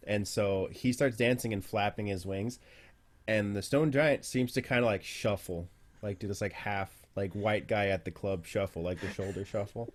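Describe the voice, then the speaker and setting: A man's voice: on the low side, fairly even intonation, moderate pace, a little hiss or hum. A man narrating a tabletop game as game master, loose and casual with many fillers.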